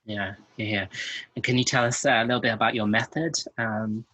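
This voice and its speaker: A man's voice: mid-range voice, fairly even intonation, fairly quick, pushed and bright, slight background noise, low-quality recording. A man hosting an interview, asking polite questions with frequent hesitations.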